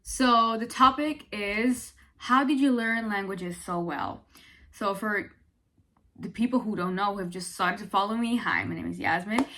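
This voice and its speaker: A young woman from Italy talking casually to her viewers as a vlogger, expressive and chatty with lots of fillers. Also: medium pitch, moderate pace. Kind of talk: casual chat to camera.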